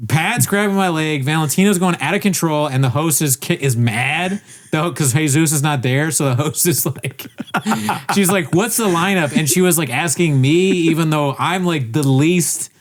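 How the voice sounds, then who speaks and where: A man's voice: fairly high pitch, normal speed. A man telling a rambling story in casual podcast chat, swearing and acting out what people said. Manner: rambling, animated, swears, acts out quotes.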